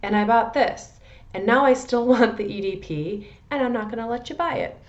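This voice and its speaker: Her voice sits on the high side with a darkish tone, and she speaks at a normal speed, though the recording is muffled. A perfume vlogger from the American Midwest with a Midwestern accent, she chats casually and rambles somewhat. She often restarts and pokes fun at herself.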